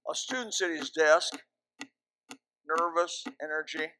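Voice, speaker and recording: A man delivers a sermon at a high pitch, with a bright, cutting tone. He stacks short, emphatic commands and drops wry jokes along the way. The mic sound is close and dry. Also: unhurried, no echo. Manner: emphatic, repetitive commands with joking asides. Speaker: pastor. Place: church. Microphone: handheld or stand microphone.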